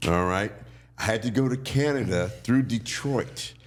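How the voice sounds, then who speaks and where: Lively storytelling man with a low voice. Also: measured pace, a little hiss or hum. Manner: animated storyteller who acts out quoted voices. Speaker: guest. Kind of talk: casual storytelling.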